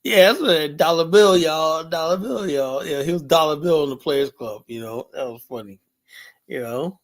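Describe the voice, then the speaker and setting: A man's voice: fairly high pitch, moderate pace. Laughing, mocking male show host. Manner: mocking, laughs often, drawls filler words. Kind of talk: casual livestream commentary.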